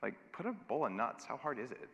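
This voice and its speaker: A man giving an energetic, emphatic conference keynote with a wry edge, speaking in a large hall. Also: mid-range voice, a little fast, creaky. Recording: long hall reverb.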